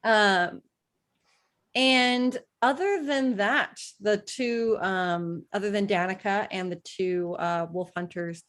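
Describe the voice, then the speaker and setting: A woman narrating a tabletop game as game master, halting with many fillers and easy giggles. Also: medium pitch, a bit bright.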